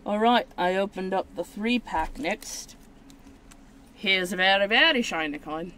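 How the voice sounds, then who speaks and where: Woman host, card-opening video: slow, meandering, self-mocking talk, faint noise behind her. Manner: rambling, self-mocking, with sudden high excited squeals. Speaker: channel host.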